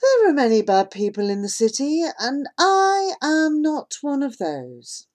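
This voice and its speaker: A woman reading aloud voices an adult male rickshaw driver with a gentle, sing-song manner. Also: very high-pitched, huge pitch swings, unhurried, voice pushed up, full character voice. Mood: friendly.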